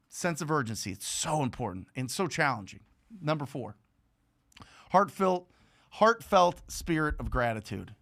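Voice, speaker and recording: A man hosting a live show, giving an energetic, repetitive motivational talk full of rhetorical questions. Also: fairly high pitch, a little slow, gravelly. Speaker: host.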